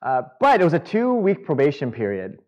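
A man preaching a sermon, earnest and halting, with self-deprecating humor. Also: fairly high pitch, huge pitch swings, a little mellow, muffled recording. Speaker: pastor.

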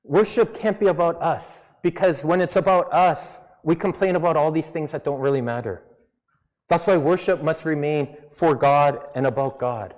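At normal speed, a pastor with a slightly high voice and a faint non-native accent in English delivers a relaxed, chatty sermon. He pokes fun at himself and slips into mock voices, and the church hall's long reverb lingers after each line.

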